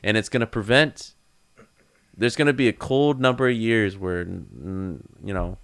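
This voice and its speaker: A man's voice: on the low side, moderate pace, fairly bright tone. A man co-hosting a casual podcast roundtable, ranting bluntly and laughing between points. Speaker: podcast co-host.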